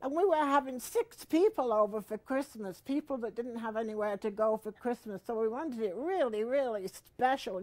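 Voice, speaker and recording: An older woman in her seventies, slow and unhurried as she spins a funny household tale for a local comedy show. Her voice sits a bit high, and the sound is close and dry with no room echo. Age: 70s. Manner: slow, chatty, rising to shouted retellings. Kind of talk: comic storytelling to camera.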